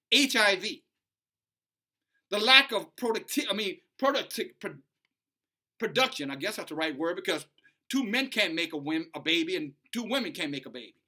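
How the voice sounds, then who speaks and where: A middle-aged man hosting a preachy commentary vlog. His voice sits a bit high and rings bright. He keeps circling back to his points and building to a heated pitch. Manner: emphatic, repetitive, rising to heated. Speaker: online commentator.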